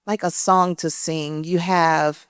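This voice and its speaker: Thoughtful low-voiced woman professor. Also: flat delivery, takes it slowly, clear, resonant tone, dry recording, clean studio sound. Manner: thoughtful, searching for words. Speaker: writing professor, conversation partner. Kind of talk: onstage public conversation. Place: indoor event stage.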